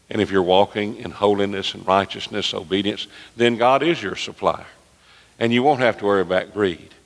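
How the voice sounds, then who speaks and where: Male pastor, deep and gravelly, preaching emphatically in a church with long reverb. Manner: emphatic preaching with dramatic pauses and retold dialogue. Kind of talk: sermon. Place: church sanctuary. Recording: echoey sanctuary with long reverb.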